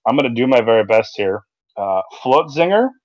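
A man's voice: lowish voice, a little fast, a little mellow, dry recording. A man co-hosting a casual podcast chat, telling a story in a rambling way with lots of ums and restarts. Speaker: podcast co-host. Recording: dry, slightly dull sound.

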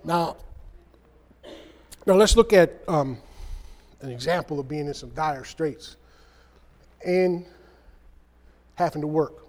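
A man's voice: on the high side, takes it slowly, long pauses, darkish tone. A man preaching a conversational sermon, reading scripture and acting out the quoted voices. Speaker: speaker. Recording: long hall reverb.

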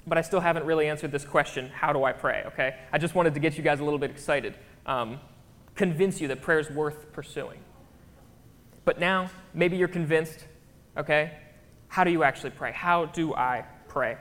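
In a church with long, echoing hall reverb, a man preaches a laid-back sermon at a moderate pace. His voice is on the high side and fairly bright, and he chats easily, regularly checking in with listeners.

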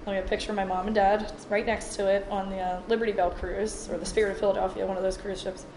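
A woman's voice: mid-range voice, flat delivery, quick pace. Chatty mother in an echoey room. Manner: chatty, laughs while telling. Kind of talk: casual storytelling. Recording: echoey room with background noise.

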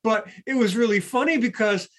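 A man in a conversational podcast discussion, an animated storyteller who acts out the people he quotes. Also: sits high, a little fast.

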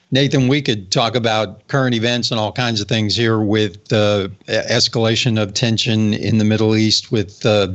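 A male host asks his questions with enthusiasm and affirms what the guest says. His voice is slightly dull and lo-fi, and his pitch is moderate. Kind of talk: interview host. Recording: dull, lo-fi sound.

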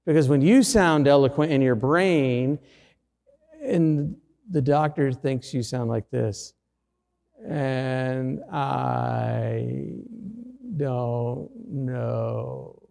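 A man's voice: on the high side, takes it slowly, warm tone, in a large hall. A middle-aged man, a pastor, preaching a sermon through a personal story with self-deprecating humor.

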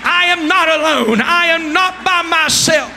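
A man preaching a sermon from the pulpit, swinging between quiet asides and loud, sung shouts. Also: extremely high pitch, long reverb tail, slight background noise. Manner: preaching with rising shouts and sung, drawn-out lines. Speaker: pastor. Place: church sanctuary.

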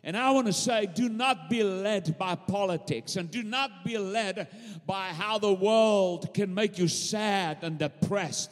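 A man preaching a sermon with fervent, rhythmic repetition and drawn-out emphatic phrases. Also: high voice. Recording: long hall reverb.

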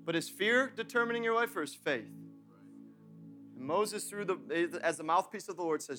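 A young adult man preaching a sermon as pastor, swinging between shouted emphasis and joking asides. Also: high-pitched, lively intonation, moderate pace, soft background music.

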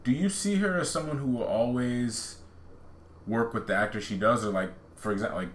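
A man's voice: medium pitch, a little fast, roomy sound, a little hiss or hum. A man co-hosting a podcast, talking casually about films and often hesitating and starting over. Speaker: podcast co-host. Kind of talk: casual film chat.

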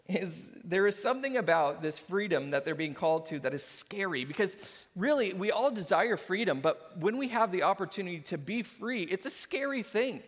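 Pastor guy preaching, pretty high voice, acts out quotes, kinda echoey hall sound. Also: normal speed, slightly rough. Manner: animated, quotes people in acted asides, laughs often. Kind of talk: sermon. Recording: hall reverb.

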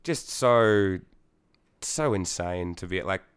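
A man's voice: sits low, expressive, takes it slowly, clear, resonant tone. A young Australian man, a singer in a band, chatting casually in an interview, rambling with lots of fillers, swearing and laughing.

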